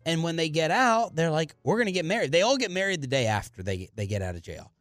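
A man co-hosting a talk radio show, his voice riding high and swinging widely as he spins stories and mocks. The studio sound is dry and close. A faint music bed plays underneath. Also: brisk, no echo. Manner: animated, storytelling, mocking. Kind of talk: casual radio banter.

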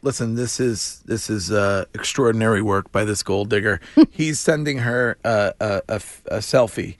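A man hosting a talk radio show, chatting casually in a halting way, full of fillers and easy laughs. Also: on the low side, no room sound, clean studio sound. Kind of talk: casual chat.

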